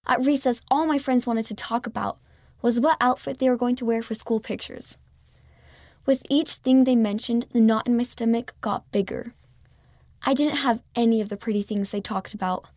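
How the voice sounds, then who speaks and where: A woman reads a children's story aloud in first person, gently and expressively. Her voice sits a little high, with a gravelly, fry-edged texture, and it is recorded dry and close. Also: fairly even intonation, normal speed, no echo. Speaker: storybook reader.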